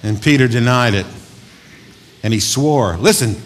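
A man's voice: fairly low pitch, a little slow, long pauses. A male pastor preaching a folksy, joking, conversational sermon in a church hall. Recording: long hall reverb.

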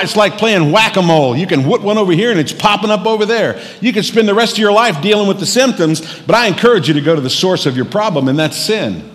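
A middle-aged man preaching a sermon as pastor, telling stories in a folksy, joking way. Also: high-pitched. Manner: folksy storytelling with jokes. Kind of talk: humorous sermon. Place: church sanctuary. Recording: long reverb of a church hall.

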